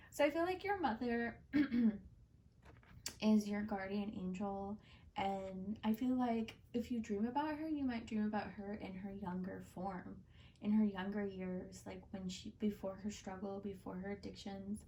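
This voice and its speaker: A woman's voice: mid-range voice, moderate pace, dark tone, distant mic. Chatty woman giving a tarot reading. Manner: chatty and heartfelt, with many fillers like "like" and "um". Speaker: tarot card reader and channel host. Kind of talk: casual spoken tarot reading.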